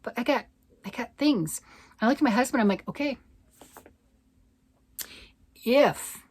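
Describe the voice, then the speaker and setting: A woman's voice: on the high side, fast talker, husky. An older woman, a grandmother, chatting casually about yarn and knitting on her vlog, rambling and often asking "right?". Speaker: yarn vlogger. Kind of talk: casual chat.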